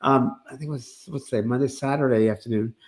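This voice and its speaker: Casual earnest guy, middle pitch, rambles and restarts, bit sick. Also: fast talker. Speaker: co-host, medium. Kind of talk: casual spiritual talk show chat.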